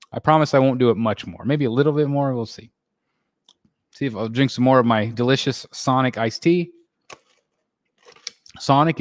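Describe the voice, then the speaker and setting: A man from the United States hosting a casual live stream, reading out chat and chatting in a relaxed way full of fillers and restarts. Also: medium pitch, no room sound, clean studio sound. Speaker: livestream host reading chat. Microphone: desk microphone.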